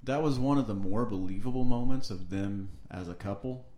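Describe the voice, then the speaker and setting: In an echoey room, a male podcast co-host with a fairly low, dark-toned voice speaks briskly. He keeps the chat casual, easygoing, and agreeable.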